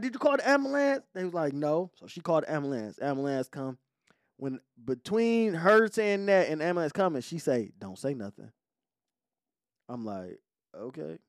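A man hosting a podcast, telling a story in a casual, profane, animated way. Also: medium pitch, no room sound, clean studio sound. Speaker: podcast host.

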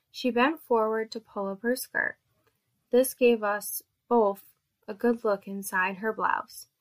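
Woman narrator, gravelly vocal fry, steady measured reading of an erotic story. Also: a little high.

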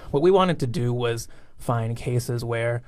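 A man reporter on a news panel, explaining findings in a steady way. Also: medium pitch, measured pace, no room sound, studio quality.

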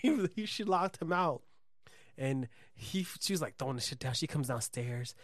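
A man chatting casually, telling an animated story with lots of swearing and laughing. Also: fairly high pitch, moderate pace. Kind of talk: casual podcast chat.

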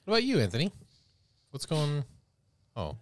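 A man's voice: on the high side, huge pitch swings, normal speed. A man co-hosting a podcast in chatty casual talk, laughing often and rambling with lots of fillers. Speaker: podcast co-host. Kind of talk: casual chat.

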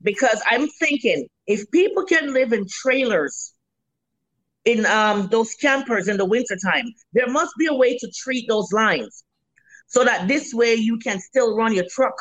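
A Jamaican woman in her fifties, a restaurant cook, telling animated stories in a casual interview, acting out her customers and swearing freely. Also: a little high, a little slow, dry recording, low-quality recording.

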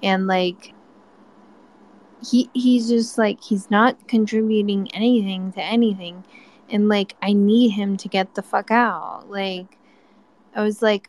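A woman caller rants angrily with heavy swearing. She speaks slowly and deliberately, with a mid-range pitch. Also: fairly even intonation, a little mellow, rough recording. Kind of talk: heated rant.

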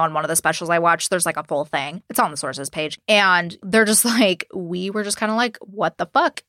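A woman's voice: lowish voice, dry recording, clean studio sound. A woman co-hosting a true-crime podcast, retelling events casually with lots of swearing and acted-out quotes. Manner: profane, animated retelling with quoted voices. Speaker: podcast co-host.

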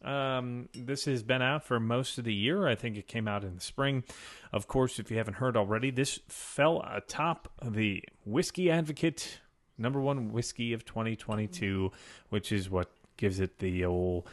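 A man's voice: medium pitch, normal speed. A man co-hosting a casual podcast at a desk mic, joking and rambling with his partner. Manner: joking, rambling, laughs often. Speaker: podcast co-host. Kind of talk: casual chat. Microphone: desk microphone.

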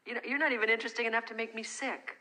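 A woman's voice: on the high side, fairly even intonation, rapid-fire, sharp tone, low-quality recording. A cutting, scornful woman. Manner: cutting, listing insults. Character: sharp-tongued woman, scornful and blunt.

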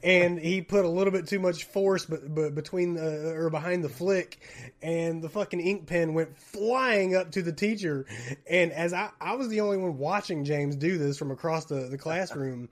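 A man's voice: on the high side, normal speed. A man, hosting a podcast and telling profane stories with lots of laughter. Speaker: podcast host. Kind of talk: casual storytelling chat.

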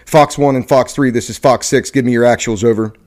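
A man's voice: mid-range voice, brisk, close to an everyday voice. A man reading aloud and voicing a Marine captain who barks curt orders to his men. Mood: commanding. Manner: curt barked orders, softening to gentle. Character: Marine captain commanding troops after a disaster.

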